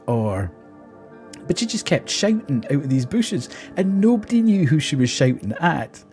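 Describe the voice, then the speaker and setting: A man's voice: medium pitch, mellow. Chatty man who laughs a lot. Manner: chatty, laughs often, exasperated storytelling. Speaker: streamer. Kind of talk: casual chat and anecdote telling.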